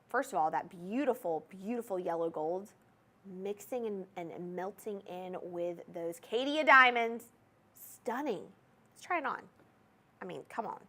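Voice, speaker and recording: A woman's voice: on the high side, fairly bright tone. A young woman with a Southern US accent hosting a live TV jewelry sales show, talking chattily and checking in with viewers. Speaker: shopping channel jewelry host.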